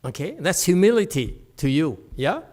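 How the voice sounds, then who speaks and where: A man's voice: on the high side, very animated, normal speed, darkish tone. A man teaching a meditation class in a humorous dharma talk, teasing his listeners and asking them to agree. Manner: teasing, joking, asks the audience for agreement.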